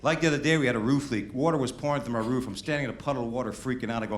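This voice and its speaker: A brash middle-aged comedian, talking loose and conversational on a handheld mic. His voice rings around a roomy club, with ambient noise steady behind him. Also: medium pitch, rapid-fire, hardly any pauses. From Queens, New York. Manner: brash, conversational, teasing the crowd. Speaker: stand-up comedian. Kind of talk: stand-up comedy.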